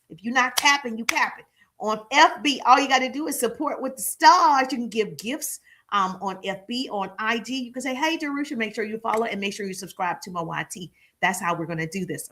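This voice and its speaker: Woman, live-stream marketing coach; bright, forceful hype delivery, call-and-response with viewers. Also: fairly high pitch. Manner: repeats phrases for emphasis. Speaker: social media marketing coach.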